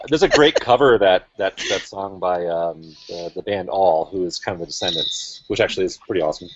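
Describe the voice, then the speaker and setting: A man's voice: low voice, a little fast, breathy edge, no echo. A man on a casual arcade podcast who talks in laughing, rambling asides. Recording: lo-fi with crowd noise.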